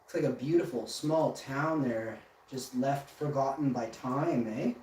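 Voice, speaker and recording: A man's voice: mid-range voice, unhurried, a little mellow. A man hosting a casual livestream, bantering and boasting to viewers in the chat. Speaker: livestream host. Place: indoor room with ring light. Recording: roomy echo, far from mic, faint noise.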